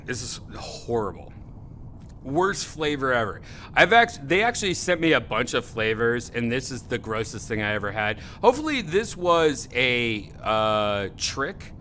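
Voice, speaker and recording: A man's voice: mid-range voice, bright, forceful tone, slight background noise. A man hosting a podcast, in loose casual chat with rambling, laughing riffs. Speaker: podcast host.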